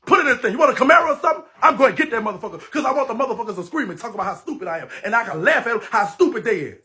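Brash high-voiced New man ranting. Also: expressive, rapid-fire. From New Orleans, Louisiana. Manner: brash, loud, laughing, heavy cursing. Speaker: livestream host. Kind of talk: profane livestream rant. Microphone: phone livestream.

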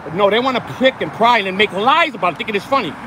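A man's voice: high-pitched, animated, rapid-fire, background noise. Profane ranting man outdoors. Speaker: host. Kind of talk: angry livestream rant. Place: outdoors, walking in hot sun.

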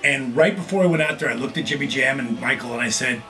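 A middle-aged man hosting his own video blog, telling casual stories with lively acted-out quotes. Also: mid-range voice, fast. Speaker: vlog host, former wrestler. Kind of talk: casual storytelling.

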